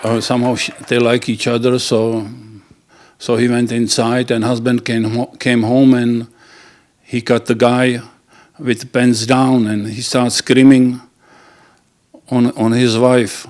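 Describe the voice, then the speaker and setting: Halting man telling jokes. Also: medium pitch, little pitch movement, a little mellow. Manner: halting, with fillers and non-native grammar. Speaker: joke teller. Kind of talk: casual joke telling.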